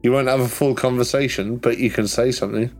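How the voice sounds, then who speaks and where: A man's voice: medium pitch, fairly even intonation, fast talker, a little mellow, soft background music. A man running a tabletop game as game master, narrating casually and swearing freely.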